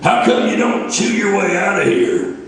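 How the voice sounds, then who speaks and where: A man voicing a sneering, wart-faced male goblin boss in a storybook reading, high and loud. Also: moderate pace, close to an everyday voice. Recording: echoey hall, distant mic.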